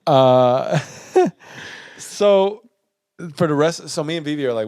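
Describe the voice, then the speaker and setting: A man's voice: a little high, expressive, moderate pace, a little mellow. A young man co-hosting a podcast, telling a story in casual, profane chat and acting out the dialogue. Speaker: podcast co-host.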